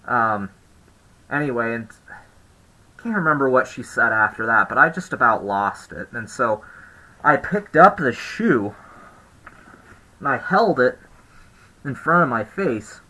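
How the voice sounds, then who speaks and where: A man's voice: mid-range voice, expressive, a little slow, pauses often, sharp tone, poor audio. A young man vlogging, telling a story in a rambling, sarcastic, exasperated way. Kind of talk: casual storytelling to camera.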